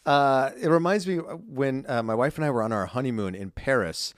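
A man's voice: mid-range voice, normal speed, dry recording. Guy co-hosting a chatty podcast, loose rambly delivery, mid voice, dry booth sound. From California. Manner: rambling storyteller, heavy use of "like". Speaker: podcast co-host. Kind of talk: casual chat.

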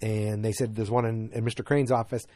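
A man's voice: on the low side, level tone, a little fast, warm tone, dry recording. A man from north of Boston with a light Boston accent, casually recapping a TV episode and rambling with lots of fillers and asides. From north of Boston, USA.

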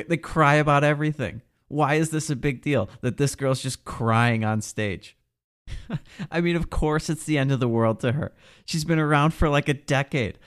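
A man delivering a sarcastic, exasperated political rant as a commentator, mocking and scolding. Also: mid-range voice. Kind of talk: ranting monologue.

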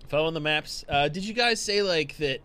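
A man's voice: fairly high pitch, brisk, bright, forceful tone, smooth. A man playing in a tabletop game, casual and goofy, asking loose questions. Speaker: player.

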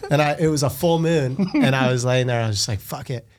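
A man hosting a podcast, telling a story with excitement in casual chat, full of "like". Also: mid-range voice, fast, dry recording, studio quality. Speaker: podcast host.

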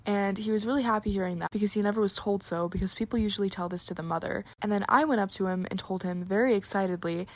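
A young woman talks casually to her viewers in a mid-pitched voice. She leans on "like" and breaks into small giggles while reading out and reacting to viewers' stories. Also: fast talker, few pauses, no echo. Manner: chatty, filler-heavy with frequent "like", giggly. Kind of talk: casual chat.

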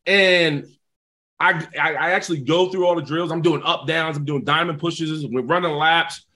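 A man, a former football player and interview guest, telling stories in an animated, laughing way and often saying "man". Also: on the high side, normal speed. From South Bronx, New York. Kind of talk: casual storytelling interview.

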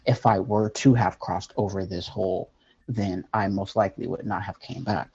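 Man recounting a personal story, halting and earnest, dark husky voice, dull lo-fi sound. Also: sits low, steady tone. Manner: earnest, halting, with many fillers. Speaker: guest telling a near-death story.

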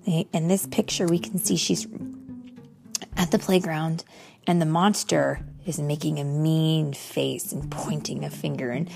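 A young woman reading a picture book aloud to a child, slow and expressive with gentle exclamations. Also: low-pitched, gravelly, soft background music. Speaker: storybook reader.

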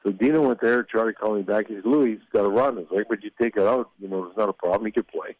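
A man's voice: on the low side, rapid-fire, darkish tone, no room sound. An older man, a former hockey executive, telling stories in a rambling way with restarts and chuckles. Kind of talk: casual storytelling interview. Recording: dull lo-fi dry sound.

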